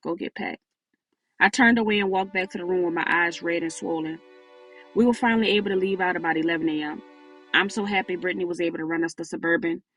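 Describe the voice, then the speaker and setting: A woman's voice: fairly low pitch, steady tone, quick pace, a bit bright, faint music behind. A woman reading a first-person audiobook aloud, voicing every character herself. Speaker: audiobook narrator.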